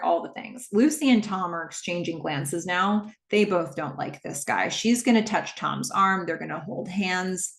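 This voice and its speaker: A woman recapping a horror film in a chatty, present-tense retelling with asides and restarts. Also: lowish voice. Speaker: movie recap vlogger. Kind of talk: casual movie recap.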